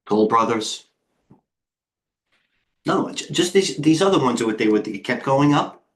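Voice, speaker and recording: A middle-aged man, host and head trader of a live trading stream, talks fast and excitably in a medium-pitched voice, out of breath as he flips through charts and addresses viewers in the chat.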